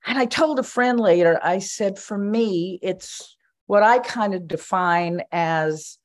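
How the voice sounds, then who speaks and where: A woman's voice: mid-range voice, slow pace. An older woman, a commission member, giving a spoken reflection at a meeting in a conversational storytelling way, with fillers and restarts.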